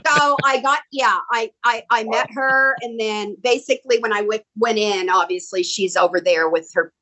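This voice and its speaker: Woman, middle-aged, a bit high-pitched, lively anecdotes, chatty interview guest. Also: moderate pace. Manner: animated, excitable storytelling with quoted dialogue. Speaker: guest actress. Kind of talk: casual storytelling.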